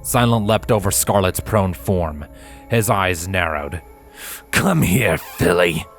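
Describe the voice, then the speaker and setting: A man reading a fan story aloud in dramatic, expressive audiobook narration. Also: low-pitched. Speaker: fanfiction reader.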